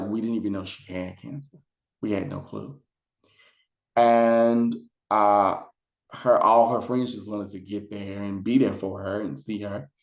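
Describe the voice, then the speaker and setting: Chatty man in a roomy, dull recording. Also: lowish voice. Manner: chatty, retelling scenes with many fillers. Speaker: psychic vlogger reviewing a documentary. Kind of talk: casual video review.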